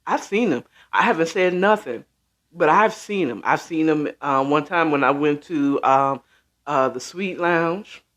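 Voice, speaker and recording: Middle-aged man, from the D.C. area, casual stream host, rambling with lots of ums, slightly high voice. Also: a little slow, fairly bright tone. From Washington, D.C. area (born in D.C., raised in Maryland). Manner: rambling and conversational, many ums, talks straight to viewers. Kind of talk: casual livestream chat.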